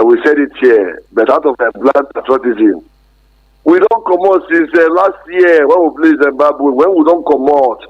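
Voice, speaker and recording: A man calling in to a sports radio show, speaking earnestly and emphatically. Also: fairly high pitch. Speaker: caller. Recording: dull phone line.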